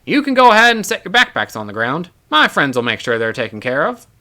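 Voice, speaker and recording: A man puts on a booming, good-humoured middle-aged professor with a broad Australian accent. The voice climbs high and bright, friendly and a little teasing. It is pitched as a storybook figure. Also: wildly swooping pitch, quick pace, exaggerated voice. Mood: hearty. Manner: hearty, friendly, loud.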